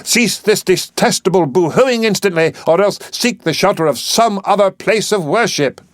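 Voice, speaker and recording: A man's voice: medium pitch, sing-song, normal speed, no echo, voice pushed up, lightly acted. A man reading an audiobook, voicing a brusque, arrogant male professor of phonetics who lectures and scolds emphatically. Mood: scornful.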